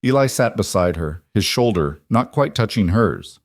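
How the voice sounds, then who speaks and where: Low-voiced man narrating a story. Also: lively intonation, moderate pace, few pauses, no room sound, studio quality.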